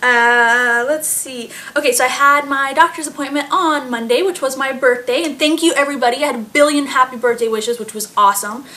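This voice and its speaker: A woman's voice: sits high, fairly quick, few pauses, bright, forceful tone. Giggly, chatty woman in her late twenties. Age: late 20s. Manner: giggly, chatty, many fillers. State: pregnant. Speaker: vlogger. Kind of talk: casual chat.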